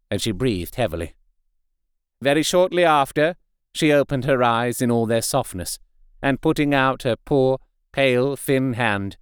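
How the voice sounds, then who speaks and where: A man giving a measured, expressive audiobook narration. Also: medium pitch, clean tone, dry recording, studio quality.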